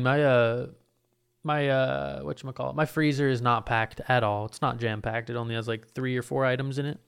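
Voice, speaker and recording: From his apartment, a young male podcast host chats alone in a relaxed, foul-mouthed manner, poking fun at himself as he rambles. He has a smooth, medium-pitched voice with vocal fry.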